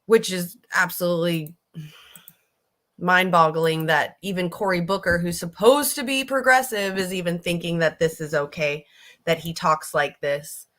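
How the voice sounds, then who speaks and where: Low-pitched woman, bright edgy tone, blunt commentator, swears a lot, riled-up restarts. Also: fairly even intonation, moderate pace. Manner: blunt, emphatic, swears freely. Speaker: political commentary host. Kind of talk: casual political commentary, reacting to clips.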